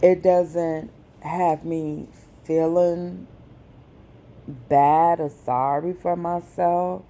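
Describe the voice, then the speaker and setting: A woman vlogger, speaking slowly and with feeling in a personal message to her viewers. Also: fairly low pitch, steady tone, warm tone. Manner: slow, deliberate, emotional.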